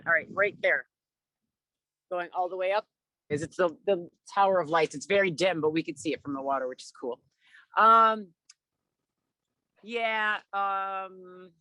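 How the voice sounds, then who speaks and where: A middle-aged man telling his own story over a video call, animated and full of fillers, acting out what people said. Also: high voice, dry recording, poor audio. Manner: animated, acts out quotes, many fillers. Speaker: guest speaker. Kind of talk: personal storytelling to a remote audience. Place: outdoors by the water.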